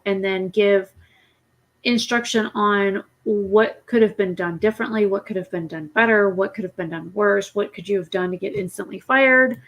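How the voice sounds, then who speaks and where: Woman game streamer, tired late-night chatter, loose and rambling, mid-pitched voice. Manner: rambling, swears casually. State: sleepy, yawning late at night. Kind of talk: casual gameplay chat.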